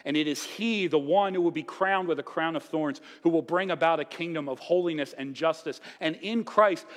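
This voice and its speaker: A man's voice: on the high side, moderate pace, hardly any pauses. A man preaching a sermon as pastor, with playful asides and acted-out quotes. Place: church sanctuary. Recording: long church reverb.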